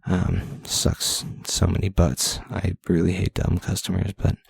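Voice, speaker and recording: A man's voice: low voice, monotone, measured pace, vocal fry, a little mellow, husky, dry recording, clean studio sound. A young man hosting a solo podcast, ranting and rambling casually with self-deprecating asides. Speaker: podcast host.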